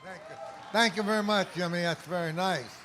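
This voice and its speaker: A man's voice: high-pitched, a little fast, sharp tone, a little hiss or hum. A man in his eighties, accepting an award and telling jokes in a wry storyteller's manner. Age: 80s. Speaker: award honoree.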